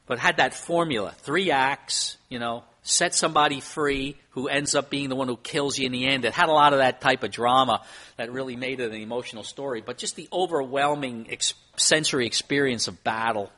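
A man's voice: mid-range voice, fairly quick, pushed and bright. A man preaching a sermon as pastor, earnest, with emphasis that rises and falls. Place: church.

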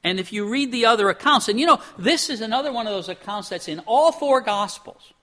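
A pastor from Pennsylvania preaches in a high, ringing man's voice with a bright, forceful edge. He keeps it conversational, asks his listeners rhetorical questions and acts out little quoted exchanges. He often repeats a word as he restarts a thought. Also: lively intonation, a little fast. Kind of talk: sermon.

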